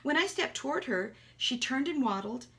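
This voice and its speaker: A woman telling a children's adventure story in a lively voice, sometimes dropping to a whisper. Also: high-pitched, moderate pace. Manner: animated, with soft whispered asides.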